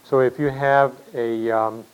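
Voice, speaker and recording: A man giving a classroom lecture, explaining patiently, thinking aloud with many pauses and fillers and putting questions to himself. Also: medium pitch, fairly even intonation, clean tone, muffled recording.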